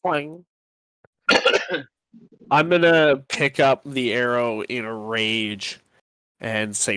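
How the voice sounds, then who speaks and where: A man's voice: mid-range voice, steady tone, slow pace, long pauses, fairly bright tone, clean tone, no echo. A man playing in a tabletop game, swearing in mock rage and chatting casually. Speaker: player.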